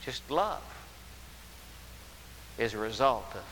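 This preacher's mid-range voice is very animated and a bit bright as he delivers his sermon emphatically, drawing out stressed words and circling back to repeated phrases. Faint hiss and roomy hall reverb color the recording.

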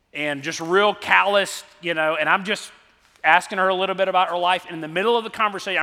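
A man's voice: high voice, pushed and bright. A middle-aged man preaching a sermon, telling stories in a conversational way with fillers and restarts. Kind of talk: sermon with storytelling. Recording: long reverb of a large hall.

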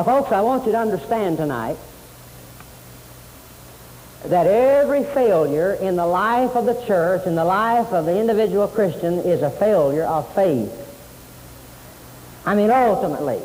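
A man's voice: high-pitched, lively intonation, a little slow, darkish tone. A man preaching a sermon, emphatic, repeating key phrases and quoting scripture. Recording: hissy tape in a long-reverb hall.

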